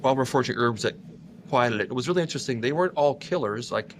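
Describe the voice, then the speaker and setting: A man telling stories in a casual podcast chat, animated, acting out voices and sounds. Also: fast talker, slight background noise. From Upper Midwest of the US. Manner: animated, acts out patients' voices and squeak sounds.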